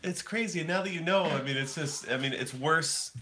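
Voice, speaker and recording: A man's voice: a little high, brisk, pushed and bright. A man in his thirties from Canada, rambling casually to his livestream viewers and answering the chat. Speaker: livestream host.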